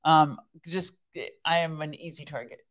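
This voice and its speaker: A woman's voice: low voice, little pitch movement, normal speed, rough recording. A woman co-hosting a faith podcast, chatting casually and praying aloud in a fervent, earnest way. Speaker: podcast co-host. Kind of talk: casual chat and spoken prayer.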